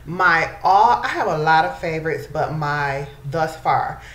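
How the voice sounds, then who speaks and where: A woman's voice: low-pitched, lively intonation, measured pace, fairly bright tone. A woman chatting casually to her viewers in a beauty vlog, calling them y'all. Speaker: beauty vlogger. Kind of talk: casual chat to camera. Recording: echoey room, faint background noise.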